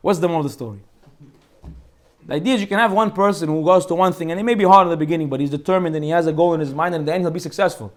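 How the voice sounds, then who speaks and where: A man teaching an informal Torah class as a rabbi, animated and joking as he acts out the people in his stories. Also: a little high, racing.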